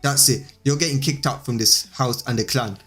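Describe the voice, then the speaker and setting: A man's voice: medium pitch, normal speed, fairly bright tone, faint music behind, close to an everyday voice. Harsh, scornful father, read by a man, barking orders. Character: cold, harsh father and clan head.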